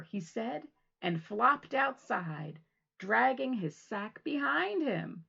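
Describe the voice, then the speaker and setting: A woman reads a picture book for young children at home, playful and lively with a bright tone and a slow, careful pace. The recording is slightly dull and lo-fi. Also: medium pitch, vocal fry, slightly rough. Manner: warm, animated and playful with kids. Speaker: library storytime reader. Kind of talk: children's storytime reading. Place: her home.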